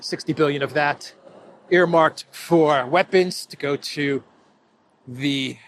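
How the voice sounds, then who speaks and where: A man's voice: fairly high pitch, a little hiss or hum. A man giving casual solo political commentary, sarcastic, laughing often and repeating phrases.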